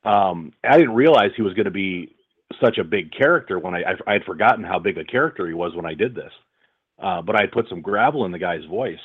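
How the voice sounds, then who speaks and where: Low-voiced man on a tinny line. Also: fast, breathy edge. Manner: relaxed, chatty, many fillers and restarts. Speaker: voice-over artist, audiobook narrator. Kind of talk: casual interview talk.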